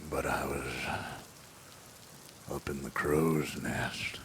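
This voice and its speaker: A man's voice: very deep voice, steady tone, slow pace, fairly bright tone, a little hiss or hum, full character voice. A man voicing a crusty, drunk, very old sea captain who rambles through crude sea tales. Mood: crude boasting. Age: older.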